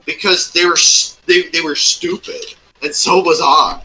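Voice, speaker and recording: A man's voice: on the high side, steady tone, normal speed, bright, forceful tone, soft background music, poor audio. A man in casual chat, rambling through an old tabletop game story and swearing often. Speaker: former game master recounting a campaign.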